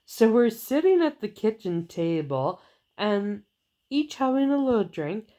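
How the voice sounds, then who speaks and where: A woman chatting with her husband, telling family stories in an unhurried way with soft laughs. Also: on the high side, big pitch swings. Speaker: wife and co-host. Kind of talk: casual chat.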